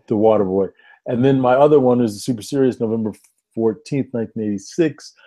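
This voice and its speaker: A man on a casual movie podcast, relaxed and enthusiastic as he recommends films. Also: mid-range voice, brisk, no room sound. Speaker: podcast co-host. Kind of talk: casual chat.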